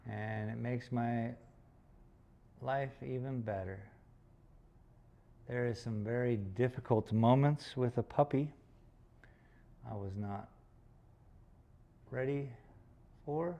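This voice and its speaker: A man's voice: medium pitch, takes it slowly, pauses often, mellow, dull audio, slight background noise. A man chatting casually on a livestream while he paints, rambling and joking with some swearing. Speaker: painter streaming live.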